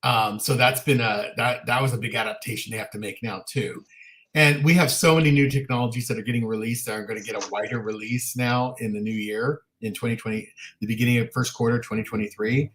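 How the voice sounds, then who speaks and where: Guy co-hosting a chat show, talks fast and loose, keeps restarting his sentences. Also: mid-range voice, fairly even intonation, fairly bright tone. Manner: chatty, frequent self-restarts. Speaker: talk show co-host. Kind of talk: casual chat. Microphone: livestream setup.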